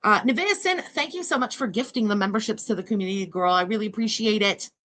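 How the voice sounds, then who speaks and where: A Canadian woman hosts a reaction livestream, offering blunt, sarcastic, scornful commentary. Her medium-pitched voice is fairly bright and quick.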